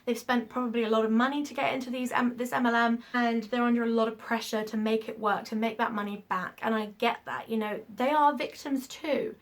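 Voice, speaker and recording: A woman's voice: fairly high pitch, fairly bright tone. A woman vlogging to camera with a frank, emphatic, ranting delivery, swearing when she gets heated. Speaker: YouTuber. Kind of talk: casual vlog rant.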